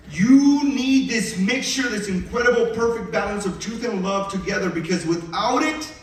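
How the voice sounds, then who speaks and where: A pastor preaching an earnest, emphatic sermon, with a slight mumble and loose enunciation. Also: male voice, sits high. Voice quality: mumbles, does not enunciate crisply. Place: church sanctuary. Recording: very echoey hall, distant mic.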